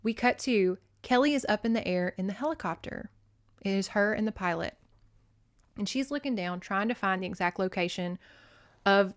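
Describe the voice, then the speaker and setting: Female host, casual book recap, lively and profane, talks straight to the listener. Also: medium pitch. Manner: animated, profane, addresses listeners as "y'all". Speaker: podcast host.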